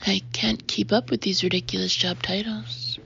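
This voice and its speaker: A woman's voice: mid-range voice, level tone, normal speed, creaky, pushed and bright, slight background noise. A woman reading the part of a stuffy senior male lawyer in an audiobook, incredulous and dismissive. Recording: dull, muffled audio.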